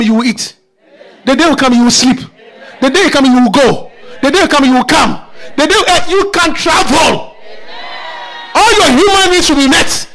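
A man preaching a sermon with passion. He fires off repeated questions and builds up to shouting. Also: very high-pitched.

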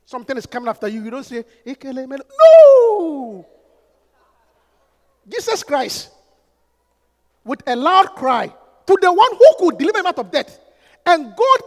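Pastor, male, high bright voice, alternating hush and shouted prayer with tongues, long hall reverb. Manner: fervent, swings from hushed asides to shouted prayers; breaks into speaking in tongues. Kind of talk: sermon.

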